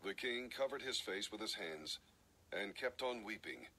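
A man reading scripture aloud in a steady, measured way. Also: lowish voice, breathy edge, rough recording. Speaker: scripture reader.

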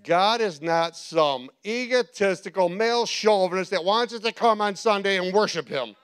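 A male pastor preaching a sermon, telling stories with animated quoted voices and frequent laughter. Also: sits high, normal speed, clear, resonant tone, some chatter behind. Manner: animated storytelling, acts out quotes, laughs often. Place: church.

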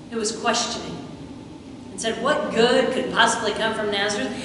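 A woman with a high voice delivers a storytelling sermon and slips into the voices of the people she quotes. She sounds distant from the mic, with a long echo from a large church hall. Noise from the room sits clearly behind her. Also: fairly bright tone. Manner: storytelling, acts out quoted lines. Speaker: preacher. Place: church sanctuary. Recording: echoey hall from far off.

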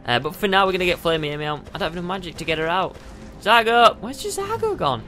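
Bright, excitable gamer guy. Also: sits high, quick pace, faint music behind. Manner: excitable, yelps and goofy exclamations. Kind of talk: let's play commentary.

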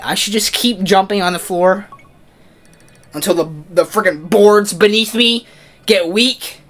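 A young man playing a motion-controlled bowling game and commenting at his desk at home, excitable and often breaking into screams and shouts. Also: sits high. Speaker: gaming video creator. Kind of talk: excitable let's-play commentary. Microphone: desk mic, camera off.

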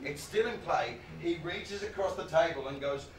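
Brief: man doing stand-up storytelling, fairly high voice, noisy distant room recording. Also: normal speed, echoey room. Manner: animated, punchy delivery with sudden loud outbursts. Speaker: comedian.

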